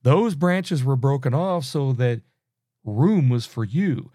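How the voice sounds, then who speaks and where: Slow, earnest male preacher. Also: medium pitch, lively intonation, warm tone, no echo, studio quality. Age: middle-aged or older. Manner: earnest, scolding, with many restarts and pauses. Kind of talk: sermon teaching.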